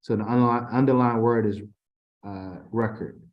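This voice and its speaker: A man's voice: medium pitch, fairly even intonation, moderate pace, lo-fi sound. A man tutoring a student in a casual session, reading quiz questions aloud with frequent restarts. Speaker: TESOL instructor.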